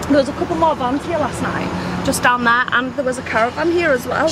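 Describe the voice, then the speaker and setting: A woman's voice: sits high, fairly quick. A woman telling a chatty, bubbly vlog story about her family trip, recorded outdoors at a truck stop. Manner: bubbly, laughing, retells with quoted voices. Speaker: family vlogger. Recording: vlog clip with outdoor traffic noise.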